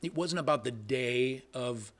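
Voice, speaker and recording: An older man recounts his years behind the camera in a relaxed interview, jumping into animated sound effects and often restarting his sentences. His pitch sits in an ordinary middle range for a man. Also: unhurried. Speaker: guest, veteran cameraman. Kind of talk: storytelling interview.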